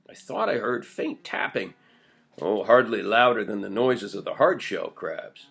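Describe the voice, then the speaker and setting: A man's voice: fairly low pitch, big pitch swings, unhurried, creaky, fairly bright tone, full character voice. A man reading as an old villager telling a story. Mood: excited. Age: older. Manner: earnest storytelling, mostly in his own voice. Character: old male villager recalling his boyhood. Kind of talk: audiobook character voice.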